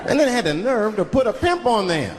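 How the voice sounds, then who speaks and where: A man doing profane, animated stand-up, slipping into voices for his stories, on stage before a live audience. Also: high-pitched, fairly quick. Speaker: comedian. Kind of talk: stand-up comedy. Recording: live hall with loud laughing crowd.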